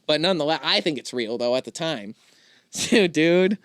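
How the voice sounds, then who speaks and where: A man hosting a podcast, telling a story in casual chat, animated and laughing often. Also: on the high side, moderate pace, no room sound. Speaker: podcast host.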